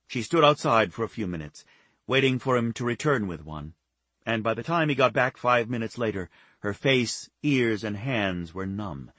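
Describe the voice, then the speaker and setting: A man reading a novel aloud as an audiobook narrator, calm and even. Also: fairly low pitch, breathy edge, no room sound. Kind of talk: scripted narration.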